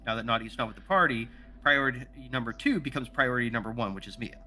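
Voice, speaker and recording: A man's voice: mid-range voice, fast, sharp tone. A man playing a tabletop game, rambling and correcting himself with playful energy. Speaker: player. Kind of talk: tabletop role-play chat.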